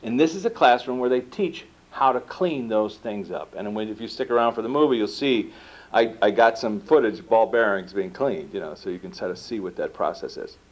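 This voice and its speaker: Lively man telling a story. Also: a little fast. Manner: acts out quoted dialogue with lively pitch jumps. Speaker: speaker giving a book talk. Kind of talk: animated storytelling talk. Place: lecture room. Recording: dull lo-fi recording.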